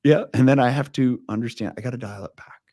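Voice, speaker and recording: A man's voice: medium pitch, quick pace, warm tone, no room sound, studio quality. A man in his forties, a leadership coach, talking earnestly and intensely in a casual interview, telling stories with frequent restarts.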